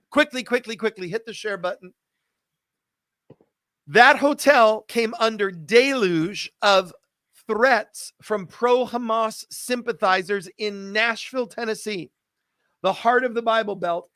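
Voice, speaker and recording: A man's voice: high voice, fairly bright tone, no room sound. A man hosting a live stream, making an urgent, pleading appeal and repeating calls to action.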